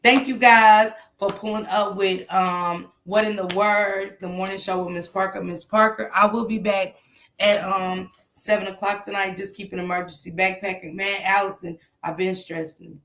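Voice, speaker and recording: New woman ranting on her morning show, gravelly voice, blunt and cussing, echoey room. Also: medium pitch, fairly even intonation, moderate pace, a bit bright. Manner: blunt, emphatic, frequent swearing. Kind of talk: casual commentary livestream.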